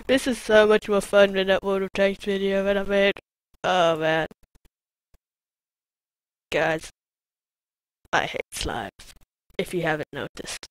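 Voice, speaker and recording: A woman commenting on her own gameplay in a let's play, excitable and shouting taunts at enemies. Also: mid-range voice, takes it slowly, long pauses, no echo, poor audio. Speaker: gamer.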